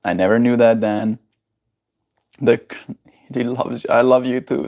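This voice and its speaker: South african guy rambling on his stream, chuckles a lot, mid pitch, chatting back to viewers. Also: steady tone, a little slow, pauses often, a little mellow. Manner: rambling, chuckling, reacting to chat. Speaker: livestreamer. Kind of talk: casual live-stream chat.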